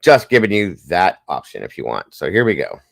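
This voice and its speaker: A man's voice: sits low, wildly swooping pitch, brisk, creaky, a bit bright, dry recording. A man hosting a morning show, chatting casually with the audience in a rambling way with lots of fillers. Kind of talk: casual livestream chat.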